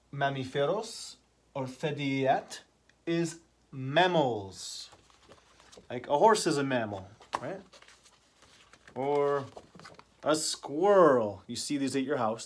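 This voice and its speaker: Male ESL teacher, slightly high voice, very slow and deliberate, drills vocabulary with easy questions. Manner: repeats key words and asks the class simple questions. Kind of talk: slow vocabulary lesson for language learners.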